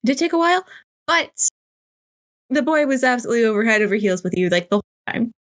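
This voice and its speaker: A woman's voice: a little high, animated, quick pace. A woman playing a tabletop role-playing game, chatty and teasing, full of "like". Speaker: player. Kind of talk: casual tabletop role-play banter.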